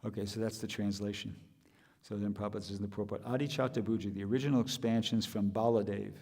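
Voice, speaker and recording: A man's voice: fairly low pitch, steady tone, fast talker, darkish tone, long reverb tail. A man giving a scripture class, thinking aloud with restarts and rhetorical questions.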